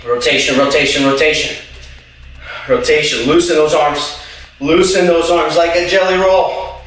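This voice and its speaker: A man's voice: on the high side, fairly even intonation, normal speed, distant mic. Upbeat man coaching in an echoey room. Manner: upbeat, encouraging, playful; loud counting and shouted kiai. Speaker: martial arts instructor. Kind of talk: at-home workout class, counting reps. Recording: very echoey room, voice away from the mic, faint music.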